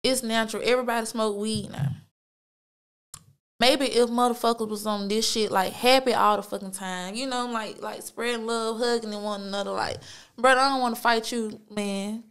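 On her own podcast, a woman tells a story in a relaxed, slang-heavy monologue, cursing often and filling silences with "like" and "you feel me." Her voice is on the high side, steady and clean, at a moderate pace.

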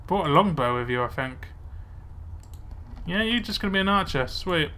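Young guy chatting over his game, kinda high bright voice, mumbly asides. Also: lively intonation, moderate pace. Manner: chatty, muttering to himself while playing. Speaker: let's play gamer. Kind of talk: casual gameplay commentary.

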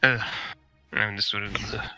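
A man's voice: on the low side, fairly even intonation, normal speed, bright, forceful tone, soft background music. A man playing a tabletop game, making dry, wry remarks. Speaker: player.

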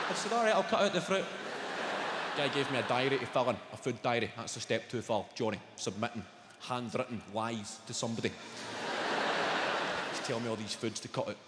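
A Scottish man doing a stand-up routine, telling brash, sweary stories and reeling off rapid food lists. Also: mid-range voice, very noisy. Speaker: stand-up comedian. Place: large theatre stage. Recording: echoey live hall with loud room ambience.

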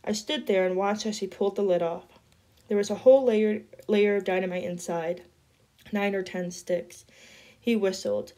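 Woman reading a chapter book out loud, steady, mid pitch. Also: normal speed. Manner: steady storytelling narration. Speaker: reader. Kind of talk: reading a novel aloud.

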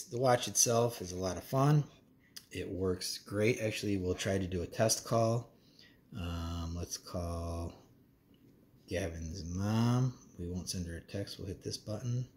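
A man's voice: deep voice, darkish tone. A man giving a casual, meandering product review as a parent, with frequent ums and uhs. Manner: laid-back, meandering, many ums and uhs. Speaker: parent reviewing a kid's smartwatch.

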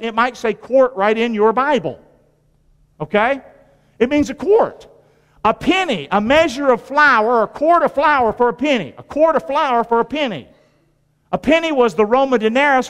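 A male pastor with an extremely high pitch preaches in a church, the sanctuary's long reverb filling the space. He asks his congregation questions call-and-response style, repeating phrases in a folksy way with sudden rises and drops.

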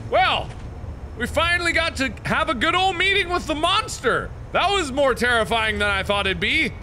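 A man playing a horror game who screams, swears and panics, then settles into calm musing. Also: very high-pitched, moderate pace, slight background noise. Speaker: let's play host.

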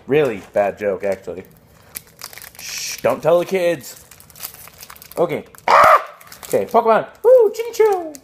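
A young man talking casually as he unboxes trading cards on a phone recording, excitable, swearing often and tossing out jokey asides. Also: a little high. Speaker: card unboxing vlogger.

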